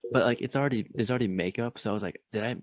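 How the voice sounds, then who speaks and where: A man's voice: mid-range voice, rapid-fire, no room sound. A man co-hosting a podcast in easygoing casual chat, explaining things he looked up. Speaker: podcast co-host.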